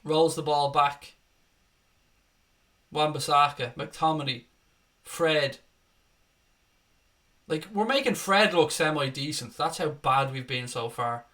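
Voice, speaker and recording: Sharp-voiced, sweary football fan commentating. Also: male voice, a little high, slow pace, pauses often. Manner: sweary, excitable play-by-play with angry rants. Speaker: fan watchalong host. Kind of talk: live fan match commentary.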